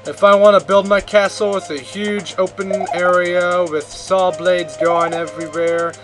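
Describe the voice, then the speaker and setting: A man's voice: sits high, fairly even intonation, measured pace, fairly bright tone, rough recording. A man giving sarcastic, rambling commentary while playing a video game. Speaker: gameplay commentator. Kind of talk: let's play commentary. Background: game music.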